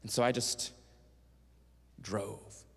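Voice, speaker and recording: A man's voice: lowish voice, extremely slow. A man giving a storytelling sermon as a guest speaker and singer, animatedly acting out the voices of the people in his story. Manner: animated storyteller who acts out quoted voices. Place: church sanctuary. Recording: long church reverb.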